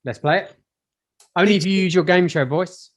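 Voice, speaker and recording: A man's voice: high-pitched, normal speed, slight background noise. A man co-hosting a comedy podcast with dry, punning banter. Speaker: podcast co-host. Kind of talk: casual comedy chat.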